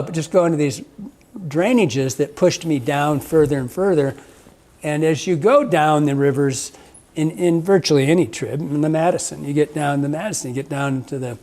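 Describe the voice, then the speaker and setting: A man hosting a fishing podcast, his voice sitting a bit higher than most men's. He tells stories in a rambling, easygoing way, laughs often and swears freely. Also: darkish tone. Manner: rambling, laughing, salty language. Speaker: podcast host, fly fishing guide. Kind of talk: casual storytelling chat.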